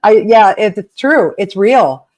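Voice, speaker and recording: A woman's voice: medium pitch, expressive, unhurried, a little mellow. A woman co-hosting a podcast, talking conversationally and affirming her guest's ideas. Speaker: podcast co-host.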